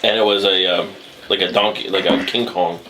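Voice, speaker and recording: A man on a podcast panel in casual chat, excitable and rambling, laughing often. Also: low-pitched, fairly quick, noisy background.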